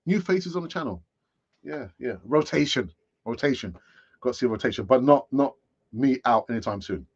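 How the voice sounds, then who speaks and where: Chatty male football channel host, lo-fi. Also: mid-range voice. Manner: chatty, rambling with many fillers and restarts. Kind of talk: casual live-stream chat.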